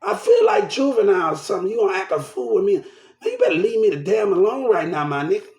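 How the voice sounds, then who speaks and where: A man's voice: sits high, sing-song, fast, darkish tone, echoey room. An upset man ranting to the camera, agitated and repeating himself, shaken and swearing. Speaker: vlogger. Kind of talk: angry rant to camera.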